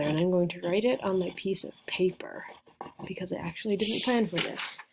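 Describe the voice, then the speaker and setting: A woman's voice: on the low side, a little mellow, slight background noise. A woman teaching a beginner English lesson, patiently sounding out letters and praising her learners. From United States. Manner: slow, patient, encouraging, spells out sounds. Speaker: ESL teacher.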